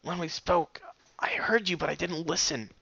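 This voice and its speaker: Man doing a heartbroken young female pegasus pony, tearful, lifted and bright, voice cracking. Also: fairly high pitch, steady tone, creaky, husky, no echo, dull audio, voice pushed up, full character voice. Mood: grieving, tearful. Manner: quiet, halting, broken speech. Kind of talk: audiobook reading of fan fiction.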